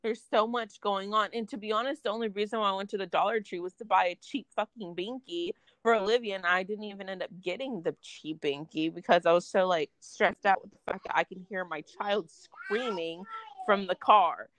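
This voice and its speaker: A young woman vents her way through a story in relaxed conversation, full of filler words and blunt swearing. Her voice sits in a middle pitch. The sound is dry and close, with no room around it. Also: fairly quick, dry recording. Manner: animated venting, heavy filler words, swearing. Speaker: storyteller in a casual chat. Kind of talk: casual chat.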